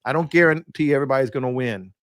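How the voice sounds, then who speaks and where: A middle-aged man who is a defense attorney, a guest on a podcast, speaking in a measured, earnest way with some hesitant restarts. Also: mid-range voice, a bit bright, dry recording.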